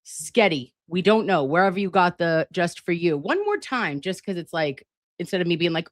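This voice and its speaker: Woman streamer at home, low-pitched, dry close sound, rambling, swearing and affectionate with her audience. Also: sing-song, moderate pace, no room sound. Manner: chatty, profane, playful, calls viewers lovies and babes. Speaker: livestream host. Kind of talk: casual livestream chat. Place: home, at a laptop with air conditioning running. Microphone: laptop setup.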